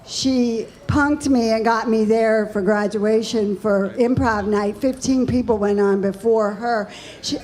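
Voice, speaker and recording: A woman's voice: on the high side, fairly even intonation, measured pace, a little mellow. A middle-aged woman telling family stories on stage as a stand-up comic, acting out the dialogue, on a handheld mic in a comedy club. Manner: chatty, acts out family dialogue. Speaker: guest comedian, mother of a comic. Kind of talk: stand-up storytelling.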